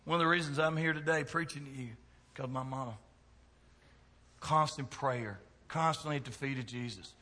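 Man, middle-aged, folksy joking sermon, forceful tone, reverberant church hall. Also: mid-range voice, normal speed. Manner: folksy, joking preaching with big swings in loudness. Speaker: pastor. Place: church sanctuary.

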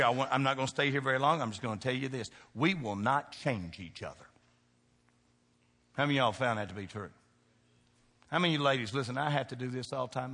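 A man's voice: medium pitch, gravelly, a bit bright, big-room sound. A man pastor preaching a sermon, emphatic and folksy, throwing call-and-response questions to the congregation. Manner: folksy, joking asides to the congregation.

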